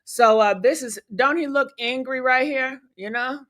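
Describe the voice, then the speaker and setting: A woman's voice: sits high, normal speed, a bit bright. A woman hosting a livestream, giving blunt, profane commentary and talking to her chat. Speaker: livestream host.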